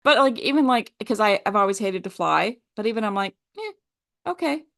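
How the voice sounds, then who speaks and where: A woman co-hosting a podcast, speaking earnestly and haltingly in casual chat. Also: mid-range voice, gravelly, fairly bright tone. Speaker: podcast co-host.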